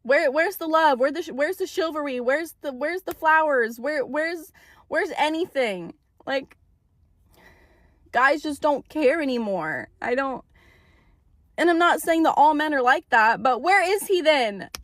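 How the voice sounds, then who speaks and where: A young woman rants into her phone with a high, frustrated voice, swearing and repeating herself for emphasis. The sound is dry and close, with no room around her. She talks in a casual storytime manner. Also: animated, a little slow, no echo. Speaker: TikTok storyteller. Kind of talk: ranting storytime.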